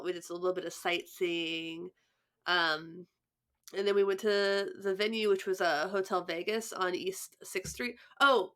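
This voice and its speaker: A woman's voice: mid-range voice, fairly bright tone, clean tone. Chatty, laughing young woman. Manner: chatty, laughs often, many restarts. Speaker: podcast co-host. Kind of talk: casual chat.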